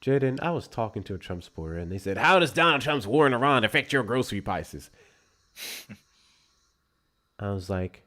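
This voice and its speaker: A man hosting a casual political livestream, talking in an animated, profane, mocking way. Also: on the low side, moderate pace, pauses often. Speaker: livestream host.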